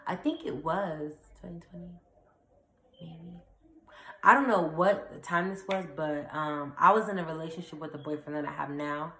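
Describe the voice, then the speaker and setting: A young woman vlogger casually retelling a personal story, chatty and animated, full of fillers and acted-out quotes. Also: low voice, moderate pace, very noisy. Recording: echoey room.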